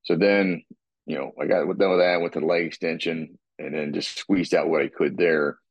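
Very deep husky man, rambling. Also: steady tone, moderate pace, dry recording, lo-fi sound. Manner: rambling, with repeated restarts and throat clearing. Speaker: guest describing his workout. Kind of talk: casual podcast talk.

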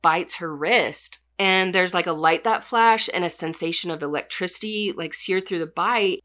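Bright, chatty woman retelling a story. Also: lowish voice. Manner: chatty, filler-heavy, says "like" constantly. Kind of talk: casual plot retelling.

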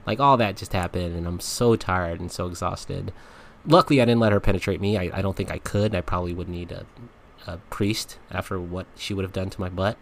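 A man hosting a podcast, telling a frank comic story in a casual, animated way and laughing often. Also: sits low, a little hiss or hum. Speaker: podcast host.

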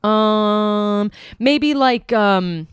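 A woman's voice: mid-range voice, drawn-out words, smooth, no room sound. A woman co-hosting a comedy podcast, chatting casually in a bubbly, playful, giggly way. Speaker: podcast co-host.

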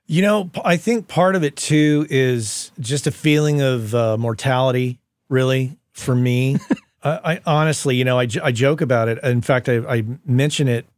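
A man's voice: mid-range voice, normal speed, no room sound, studio quality. A man hosting a podcast, telling stories in casual conversation and livening up the people he quotes. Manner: storytelling, animated when quoting people. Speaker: podcast host.

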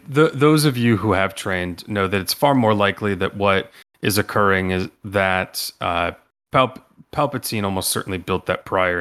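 A man's voice: low voice, pushed and bright. A man running a tabletop role-playing game as game master, rambling with many ums and restarts.

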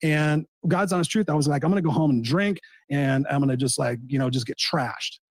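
Fast-talking man telling a heartfelt story. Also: fairly high pitch, no echo. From Southern California. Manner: heartfelt, repetitive restarts. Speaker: coach. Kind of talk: emotional personal storytelling.

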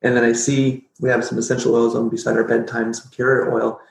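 Middle-aged man, mid-pitched, guest telling a story with a joking streak, recorded in a roomy, echoey space. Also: fairly quick, gravelly. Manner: animated, jokey, acts out his own past reactions. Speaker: podcast guest. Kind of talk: casual storytelling interview. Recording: roomy echo.

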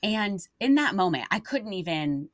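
A woman's voice: medium pitch, moderate pace, no room sound, studio quality. A young adult woman co-hosting a faith podcast, telling stories earnestly and acting out what people said. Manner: earnest storytelling, animated quoted voices. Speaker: podcast co-host. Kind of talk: casual faith podcast chat.

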